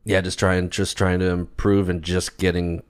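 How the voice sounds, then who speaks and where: A man co-hosting a podcast in casual chat, relaxed and reflective, laughing often. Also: low-pitched, moderate pace, clean tone. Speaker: podcast co-host.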